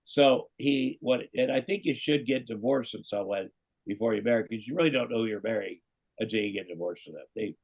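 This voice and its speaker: A middle-aged comedian from Iowa, appearing as a guest in a casual storytelling interview, tells a long anecdote and acts out the voices of the people in it. His medium-pitched voice is brisk, gravelly, and slightly rough, captured in dull lo-fi podcast audio.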